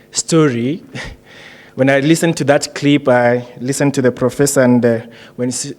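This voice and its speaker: A man hosting a graduation ceremony, joking and hesitant with many fillers. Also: mid-range voice. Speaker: ceremony host.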